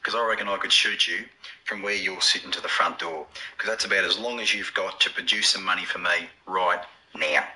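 An actor playing a brash, menacing Australian standover criminal in a film scene, sneering and swearing casually. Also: male voice, deep voice, fairly even intonation, brisk, pushed and bright, slightly rough, exaggerated voice, rough recording.

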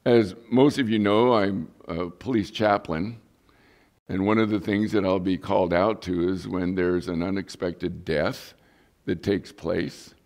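Middle-aged male pastor, low gravelly voice, earnest storytelling sermon. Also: fairly even intonation, unhurried, a little mellow. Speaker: pastor and police chaplain.

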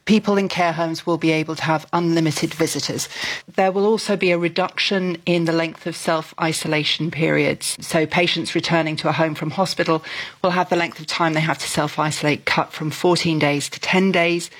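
A news correspondent delivering a measured report on radio. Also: mid-range voice, fairly even intonation, fairly bright tone, rough recording. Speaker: social affairs editor.

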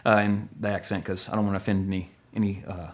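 A man's voice: sits low, little pitch movement, fast. A man hosting a podcast in casual chat, rambling and joking, often correcting himself mid-sentence. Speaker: podcast host.

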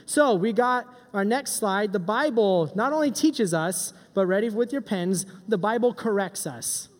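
A middle-aged man giving a joking, animated youth sermon as a pastor. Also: high-pitched, unhurried. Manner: joking, animated, does silly voices. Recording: long hall reverb.

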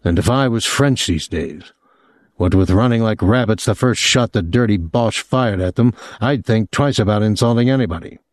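A man's voice: fairly low pitch, moderate pace, dry recording, lightly acted. A man doing a placid, menacing immigrant father. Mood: cold calm. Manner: placid, conversational, coldly calm. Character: calm, menacing immigrant father, middle-aged.

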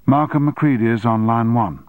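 A man's voice: medium pitch, moderate pace, no echo, narrow, tinny audio, voice pushed up, close to an everyday voice. A man doing an efficient female assistant. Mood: businesslike.

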